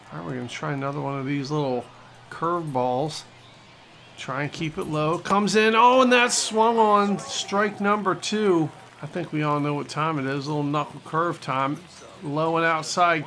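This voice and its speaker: A man calls a video baseball game pitch by pitch as the channel's host, joking with his viewers and getting loud at every strikeout. His voice is bright and forceful and sits a little high. A faint hiss of noise runs under the recording. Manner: excitable, jokey, talks to viewers. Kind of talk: play-by-play game commentary.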